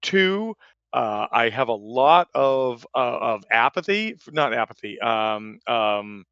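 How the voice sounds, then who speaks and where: A man's voice: medium pitch, sing-song, slow, fairly bright tone, clear, resonant tone, no echo, dull audio. A man in his forties telling a rambling, profane anecdote in casual chat, full of fillers and restarts. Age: 40s. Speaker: player telling a story.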